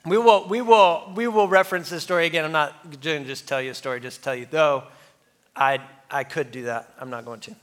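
A pastor, a man, telling a lively personal story in his sermon and laughing at himself, before reading scripture. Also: a little high, a little fast. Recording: long hall reverb.

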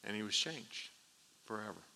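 A man preaching a sermon, telling a story with lively animation and laughing at his own tale. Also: fairly low pitch, normal speed, creaky, a little hiss or hum. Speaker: pastor. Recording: reverberant hall.

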